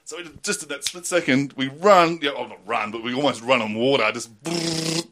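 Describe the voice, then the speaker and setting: A man in casual chat, telling relaxed childhood anecdotes and laughing along. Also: mid-range voice, brisk. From Australia.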